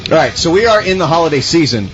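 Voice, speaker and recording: A man's voice: a little high, sing-song, quick pace, muffled recording, over music. A man co-hosting a radio show, wisecracking and casual. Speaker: radio co-host.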